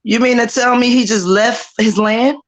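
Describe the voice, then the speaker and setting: A woman's voice: a little high, steady tone, normal speed. Wry woman joining a casual chat.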